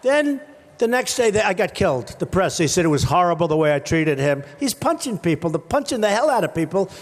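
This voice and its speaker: High-pitched man shouting a rally speech. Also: very animated, quick pace. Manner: rambling, repetitive, punchy short phrases, shouting to the crowd. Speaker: political candidate at a rally. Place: large rally venue with a crowd. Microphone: stage microphone.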